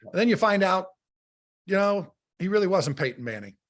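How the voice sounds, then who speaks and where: Speaking at a moderate pace in a high-pitched voice, this middle-aged man works as a radio football analyst. He swaps stories in relaxed sports talk, lively and prone to repeating words when starting a thought.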